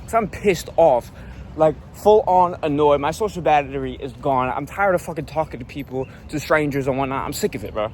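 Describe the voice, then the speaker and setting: A man's voice: a little high, animated, brisk, a little mellow, slight background noise. A young man telling a travel story as a casual vlog rant, profane and annoyed, rambling with lots of fillers. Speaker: vlogger.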